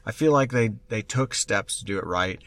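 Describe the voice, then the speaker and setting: A man with a fairly low voice co-hosts a relaxed tech chat. He tells stories with energy and acts out the people he quotes. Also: normal speed, dry recording. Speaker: podcast co-host.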